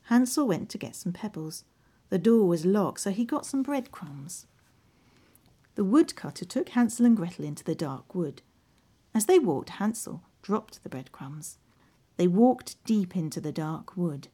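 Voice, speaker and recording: A woman narrating a children's storybook in an expressive, lively way. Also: fairly low pitch, a little slow, slightly rough.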